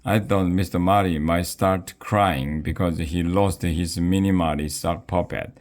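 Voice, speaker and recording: A man reading a children's book aloud with a playful, expressive narration. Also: low voice, measured pace.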